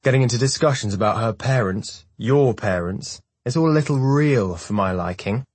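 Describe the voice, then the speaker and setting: Man playing a cocky young squadmate, taunting and sneering, pitched up and loud, husky edge. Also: moderate pace, dry recording, lightly acted. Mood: mocking. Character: mocking young male squad rival.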